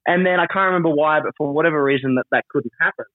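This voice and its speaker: A man being interviewed about his wrestling persona, animated and rambling, laughing often and full of fillers. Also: a little high, racing, dry recording. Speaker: wrestler and trainer, interview guest. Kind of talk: casual interview over a call. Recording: tinny phone-like line, dry.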